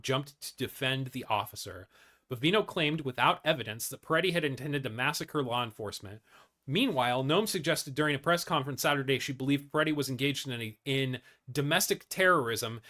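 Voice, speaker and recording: A man's voice: mid-range voice, sharp tone. A man hosting a casual news commentary show, reading articles aloud with blunt, profane asides and many fillers and restarts.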